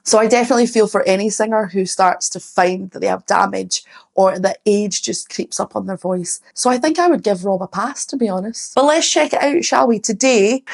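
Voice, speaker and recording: A Scottish woman who is a singer, chatting casually and lively to her viewers before reacting to a song, with the odd swear. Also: mid-range voice, gravelly. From Scotland. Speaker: singer hosting a music reaction channel. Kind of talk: casual chat to camera.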